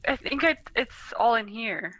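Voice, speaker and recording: A woman co-hosting a video game let's play, playful and quick to laugh in casual chat. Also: fairly high pitch, lively intonation, muffled recording.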